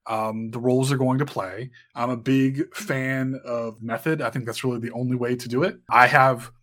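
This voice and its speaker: A man's voice: medium pitch, fairly even intonation, moderate pace, a bit bright, lightly acted. A man parodying an earnest, self-important actor. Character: earnest grown male method actor.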